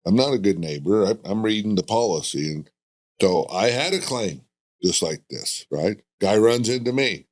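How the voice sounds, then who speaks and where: A man's voice: fairly low pitch, expressive, normal speed. A man hosting a podcast, talking casually and emphatically, with frequent rhetorical questions. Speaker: podcast host.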